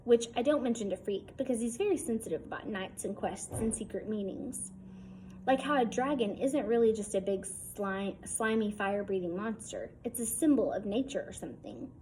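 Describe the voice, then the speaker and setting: A woman's voice: mid-range voice, moderate pace, dark tone, a little hiss or hum, poor audio. A woman reading a novel aloud in a casual, wry first-person storytelling tone. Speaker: audiobook reader.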